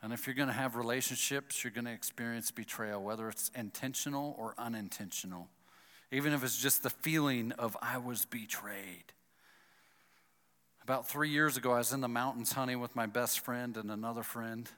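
A man's voice: mid-range voice, normal speed. A man telling a personal story with a moral, acting out his own thoughts as he goes. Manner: animated, acts out his own inner thoughts. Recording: long hall reverb.

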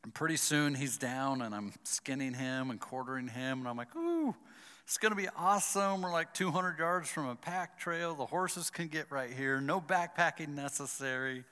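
Recorded with long hall reverb, this man speaks smoothly at a moderate pace in a mid-range voice, with few pauses. He animatedly recounts a personal story with a moral, voicing his own thoughts along the way.

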